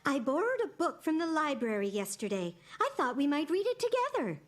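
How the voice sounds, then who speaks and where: An actress voicing a kind, patient cartoon grandmother who coaxes gently. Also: sits high, big pitch swings, a little fast. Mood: gentle. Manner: gentle, coaxing.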